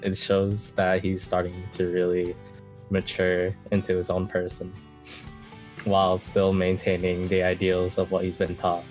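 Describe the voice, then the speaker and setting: A man with a very deep voice reflects in a laid-back way during a casual fan chat, dropping in fillers as he goes. Faint music plays quietly in the background. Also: monotone, a little slow. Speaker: podcast co-host.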